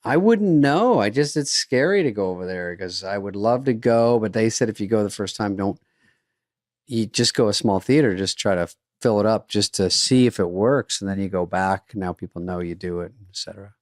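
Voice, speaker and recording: A man's voice: fairly low pitch, moderate pace, no echo. A man co-hosting a podcast in casual chat, dry and offhand with wry asides. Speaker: podcast co-host.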